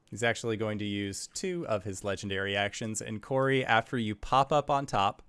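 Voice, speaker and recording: A man's voice: on the low side, moderate pace, a bit bright, clear, resonant tone, dry recording. A man narrating as game master of a tabletop game, giving matter-of-fact rulings.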